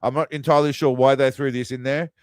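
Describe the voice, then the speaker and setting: A man's voice: medium pitch, steady tone, fast, background noise. A man hosting a crude, mocking movie commentary, tossing out quiz-style asides. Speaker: host. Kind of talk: sarcastic movie riffing commentary.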